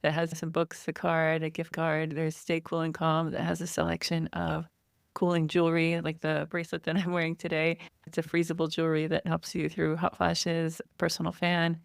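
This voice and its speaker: This forties-aged online store founder, guesting on a podcast, has a deep, gravelly voice and a completely flat delivery at normal speed. Her casual interview talk is chatty, explanatory, and dotted with light laughs, captured clean in a studio with no room sound.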